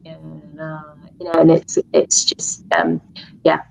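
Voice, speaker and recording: A woman's voice: low-pitched, very animated, unhurried, gravelly, darkish tone, muffled recording. A British woman, a hypnotherapist guest, talking casually, chatty with frequent laughs and restarts. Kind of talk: casual chat.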